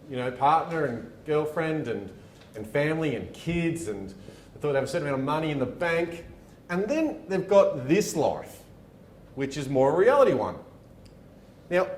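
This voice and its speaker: A man giving a motivational talk, acting out the people in his stories. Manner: animated, acts out dialogue in his stories. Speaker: motivational speaker. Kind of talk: storytelling keynote talk. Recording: echoey room with faint rumble.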